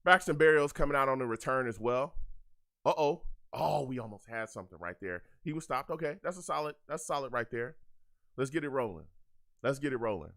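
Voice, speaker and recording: A man's voice: medium pitch, lively intonation, a little fast, a bit bright. A young man hosting a live game reaction show, ranting in exasperation, repeating himself, and reading out chat comments. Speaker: fan show host.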